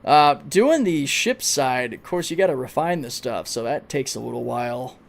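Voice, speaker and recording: A man livestreaming a video game, giving excitable, casual commentary, swearing freely and talking to his chat. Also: medium pitch, normal speed, gravelly. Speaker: gaming livestreamer.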